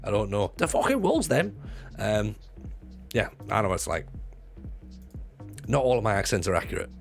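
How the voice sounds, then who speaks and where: Gravelly-voiced jokey man on stream. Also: on the low side, normal speed, soft background music. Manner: jokey, chatty, stops and restarts, swears freely. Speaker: livestreamer and former stand-up comic. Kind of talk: casual livestream chat with viewers.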